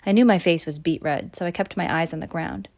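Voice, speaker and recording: An audiobook narrator with a lower, unhurried voice reads a first-person children's story aloud, narrating steadily in a plain, clear style. Whenever a character speaks, she brightens her voice, raising the pitch and delivering the quotes louder.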